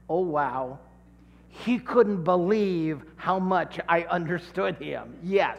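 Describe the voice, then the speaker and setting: A middle-aged man from California preaching a sermon, telling a childhood story with lively acted-out voices. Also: a little high, slow pace, creaky. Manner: animated storyteller, acting out voices. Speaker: pastor. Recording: long hall reverb.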